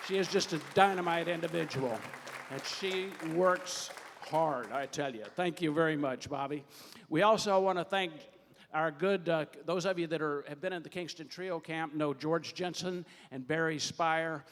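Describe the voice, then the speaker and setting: An older man with a slightly higher voice works the crowd as a warm-up emcee, folksy and joking, swelling into loud calls. He speaks on a handheld stage mic, and his words ring out through a long hall reverb. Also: moderate pace. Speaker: producer warming up a studio audience. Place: large hall or theater stage.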